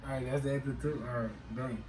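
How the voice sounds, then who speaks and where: A man's voice: mid-range voice, steady tone, brisk, a little mellow, echoey room, a little hiss or hum. A young man co-hosting a casual storytime chat, laid-back and joking as he cuts in. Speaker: co-host, partner.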